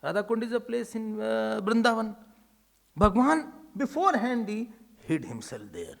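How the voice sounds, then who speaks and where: A male spiritual teacher gives a spiritual discourse. He tells stories in a lively, humorous way and acts out dialogues. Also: high-pitched, normal speed, gravelly. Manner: animated storytelling, acting out dialogues with humor.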